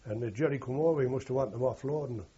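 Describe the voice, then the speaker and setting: A man's voice: mid-range voice, fast, dark tone, slightly rough, lo-fi sound. An older man, a war veteran, telling rambling anecdotal recollections in an interview. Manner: rambling anecdotal, frequent "you know" and "like". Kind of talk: oral history recollection.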